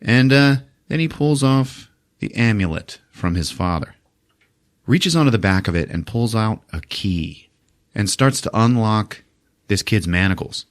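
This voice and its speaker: A man hosting a podcast, giving a profane, animated comedic movie recap and acting out scenes. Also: on the low side, a little slow. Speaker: podcast host.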